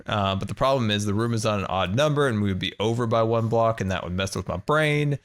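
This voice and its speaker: A man hosting a casual gameplay video, thinking aloud and squealing high in panic when things go wrong. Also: fast. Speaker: Minecraft let's play host.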